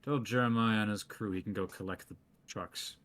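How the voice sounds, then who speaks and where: A man's voice: fairly low pitch, fairly even intonation, a little fast, fairly bright tone, natural voice. A man voicing a stern male mad-scientist boss who gives curt orders. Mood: commanding.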